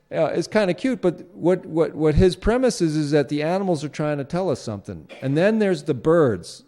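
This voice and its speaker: A man's voice: fairly high pitch, mellow. A man hosting his own show, talking through a casual solo commentary in a rambling way, with many fillers and restarts. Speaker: show host.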